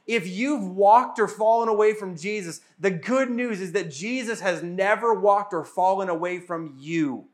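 High-voiced male pastor preaching earnestly. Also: moderate pace, hardly any pauses. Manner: earnest and repetitive, speaking as Jesus in first person. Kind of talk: sermon.

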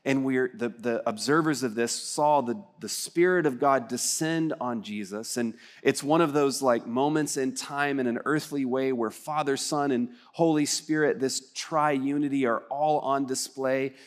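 A male pastor from Texas delivers a livestreamed church sermon. He preaches in an earnest, conversational way and often turns to the congregation with questions. His voice sits at an ordinary middle pitch. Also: unhurried, hardly any pauses.

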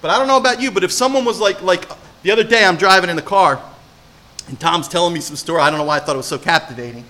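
With a high, rapid-fire voice, this male pastor preaches an animated sermon. He shifts from hushed tones to loud ones and regularly poses questions to the people listening.

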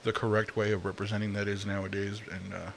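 A man's voice: on the low side, level tone, fast talker, vocal fry, slight background noise. A young man ranting casually in a profane, rambling monologue, with fillers and sighs. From Latino, Spanish speaker.

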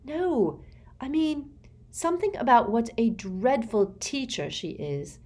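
A woman's voice: very animated, slow pace, darkish tone, heavily acted. Hermione, a woman playing an earnest clever teen girl. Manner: earnest, eager, somewhat higher.

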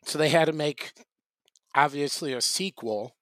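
Man with a somewhat high voice, wry chat. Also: measured pace, fairly bright tone, no room sound. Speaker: podcast co-host. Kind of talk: casual chat.

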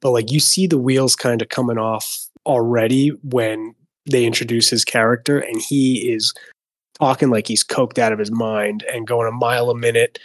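A man's voice: medium pitch, fairly even intonation, normal speed, no echo. Eager male co-host, dry sound. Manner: enthusiastic, re-enacts scenes, many fillers of "like". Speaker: podcast co-host. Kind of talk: casual film-discussion chat.

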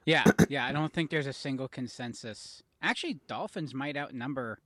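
Guy on a podcast tossing in teasing quips, normal pitch, dry close sound. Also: moderate pace, a bit bright, no room sound. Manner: short teasing interjections. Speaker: podcast co-host. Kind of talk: casual chat.

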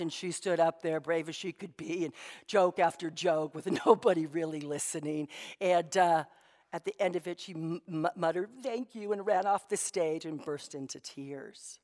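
A woman's voice: lowish voice, long reverb tail. A woman pastor giving a sermon. She tells stories in a conversational way, with many asides to the congregation.

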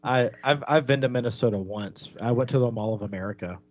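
A man's voice: mid-range voice, quick pace, darkish tone, highs cut off. A man hosting a podcast, chatting in a joking, easygoing way. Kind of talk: casual podcast chat.

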